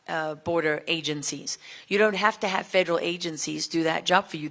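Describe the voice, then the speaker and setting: A woman's voice: fairly low pitch, fairly bright tone. A woman giving an impassioned speech at a summit, firing rhetorical questions at the crowd. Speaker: speaker at a border summit.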